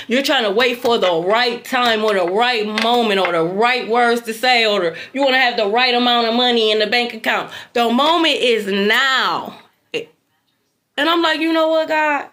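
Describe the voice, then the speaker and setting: A young adult woman telling a story casually to her viewers, animated and slangy, swearing freely and calling them y'all. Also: high voice, slight background noise. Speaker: intuitive tarot reader.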